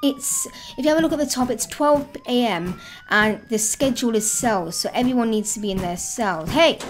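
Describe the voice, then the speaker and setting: A fairly high-voiced woman giving casual let's-play commentary. Her pitch leaps all over the place as she chats and thinks aloud, quick to get excited. A faint hum of background noise sits under her voice. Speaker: gaming video host.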